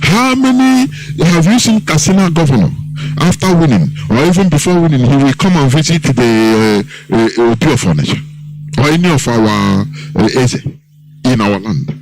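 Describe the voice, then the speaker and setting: A man's voice: medium pitch, big pitch swings, moderate pace, a little mellow, soft background music, poor audio. A Nigerian man hosting a political radio commentary, speaking with mocking scorn and mimicking others. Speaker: host.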